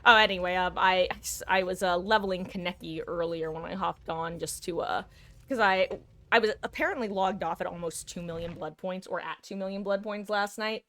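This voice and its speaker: A woman's voice: fairly low pitch, normal speed, fairly bright tone. A woman streaming a game live, chatting casually, answering her chat and laughing often. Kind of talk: casual chat while gaming.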